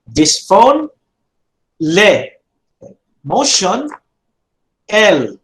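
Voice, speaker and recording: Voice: medium pitch, poor audio. A teacher with a Filipino accent giving a classroom lecture, repeating words and checking in with "okay?" and "no?", slipping into Tagalog now and then. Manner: mixes English with Tagalog. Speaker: Hebrew teacher.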